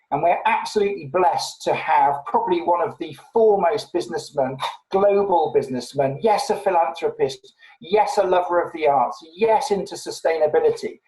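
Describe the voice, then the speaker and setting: A man's voice: fairly high pitch, darkish tone, roomy sound, low-quality recording. Upbeat male moderator asking questions. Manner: brisk, rhetorical questions in series. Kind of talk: panel moderation, conversational. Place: online video call.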